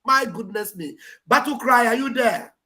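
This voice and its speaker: A man's voice: very high voice, expressive, moderate pace, sharp tone. A man hosting a live online talk show, calling on speakers and reacting with encouraging, repeated phrases. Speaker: host.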